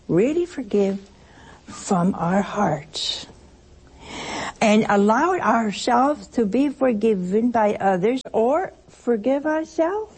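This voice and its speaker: Woman, gravelly voice, unhurried, chatty spiritual talk to listeners, anecdotal asides. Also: mid-range voice, a little mellow, rough recording. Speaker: religious speaker.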